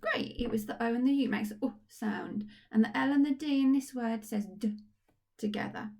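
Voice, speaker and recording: A woman's voice: on the high side, normal speed, vocal fry, a little mellow. A woman teacher giving a recorded phonics lesson to young children, upbeat and encouraging. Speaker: primary school teacher. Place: at home.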